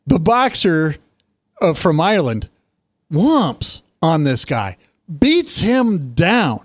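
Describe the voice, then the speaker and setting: A man co-hosting a casual political talk show, telling stories with lively emphasis. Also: no echo. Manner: animated storytelling, quick pitch jumps. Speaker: co-host.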